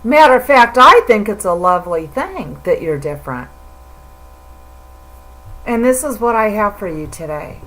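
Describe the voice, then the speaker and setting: A woman's voice: medium pitch, sing-song, moderate pace, pauses often, fairly bright tone, poor audio. A middle-aged woman talking straight to the camera in an emotional, rambling religious monologue, stammering and repeating herself as she goes. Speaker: vlogger.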